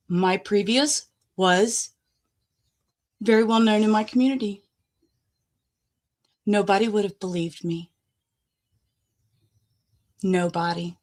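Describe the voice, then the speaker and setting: A woman commentator talks in a slow, measured way. She reflects on the story and puts rhetorical questions to the listener. Her voice sits at an ordinary pitch for a woman.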